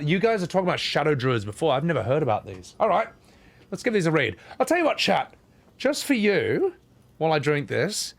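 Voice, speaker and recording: Gravelly, animated streamer. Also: male voice, medium pitch. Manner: swearing, laughing, joking with chat. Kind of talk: casual live-stream chat.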